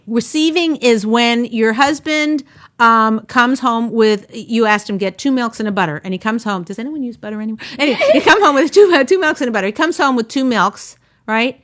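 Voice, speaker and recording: Casting: woman talk-show host, fairly high voice, animated advice-giver who acts out little scenes. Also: a little fast. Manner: animated, acts out wives' voices, frequent restarts. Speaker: relationship coach and show host.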